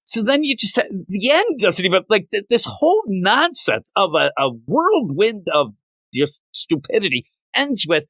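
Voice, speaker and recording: A man's voice: normal speed, no echo. A man casually chatting through a comic book review, joking and acting out the characters' lines. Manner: animated, jokey, acts out quotes with big pitch jumps.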